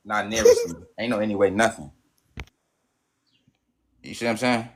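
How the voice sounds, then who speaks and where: A man's voice: on the low side, huge pitch swings, moderate pace. Insistent man hosting a livestream. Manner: insistent, repeats himself, keeps cutting in. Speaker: livestream host. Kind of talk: casual livestream chat.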